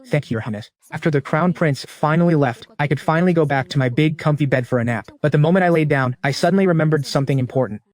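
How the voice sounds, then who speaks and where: A man's voice: fairly high pitch, fast talker, few pauses, a little mellow. A man narrating a comic story recap in the first person, in a slangy, wry and teasing way.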